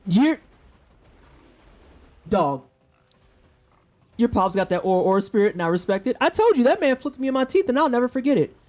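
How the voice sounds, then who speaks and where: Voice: medium pitch, normal speed, long pauses, a little mellow. A streamer in their thirties from St. Louis, chatting with viewers during a game, joking and swearing in casual slang. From St. Louis, USA. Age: 30s. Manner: joking, profane, slangy trash talk. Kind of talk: casual live-stream banter with chat.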